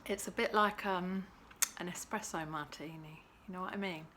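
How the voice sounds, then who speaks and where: A woman's voice: on the low side, fairly even intonation, moderate pace, bright, forceful tone, slight background noise. A woman hosting a casual cocktail-making vlog at home, chatty and playful. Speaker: host.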